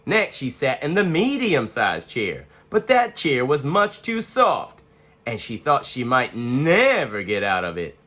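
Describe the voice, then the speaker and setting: A man reading a children's picture book aloud in an expressive, playful manner. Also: medium pitch, unhurried. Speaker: storyteller. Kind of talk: children's story read-aloud.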